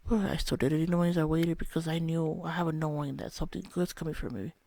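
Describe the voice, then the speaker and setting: A man's voice: on the high side, fairly even intonation, fast talker, a little mellow, dry recording. A young man telling a candid, rambling personal story about a spiritual experience, swearing often. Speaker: vlogger.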